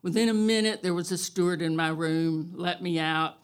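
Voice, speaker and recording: A woman telling a true story on stage at a live event, wry and animated. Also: fairly low pitch, normal speed, clean tone. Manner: wry and animated, loud cattle calls.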